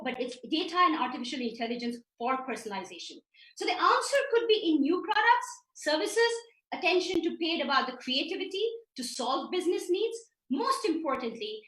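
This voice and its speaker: A woman with an Indian English accent giving an energetic, emphatic business presentation with slides at an online conference. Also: sits high. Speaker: keynote speaker presenting slides. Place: remote virtual event, roomy. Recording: roomy, distant webinar audio.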